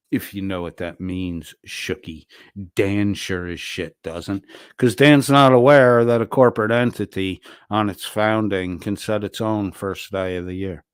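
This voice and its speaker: A man hosting a livestream reads viewer comments aloud and answers them crudely, mockingly, and with profanity. His voice sits low with a clean tone, and the recording is dry and studio quality.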